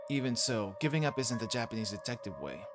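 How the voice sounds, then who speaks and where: A man's voice: medium pitch, very animated, a little fast, music in the background, natural voice. A man voicing a determined, earnest young detective in his own plain voice.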